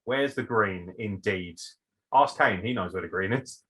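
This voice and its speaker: Brash man, bright voice. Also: lowish voice, measured pace, low-quality recording. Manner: brash, swearing, sarcastic. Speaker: podcast host answering listener questions. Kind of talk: casual banter.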